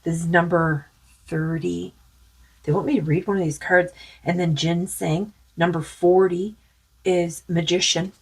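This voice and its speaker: Husky low-ish woman reading tarot cards, rambly and musing, voice going a bit hoarse. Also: steady tone, unhurried. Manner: rambling, musing, many fillers. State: losing her voice. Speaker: tarot card reader. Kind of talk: casual spiritual card reading.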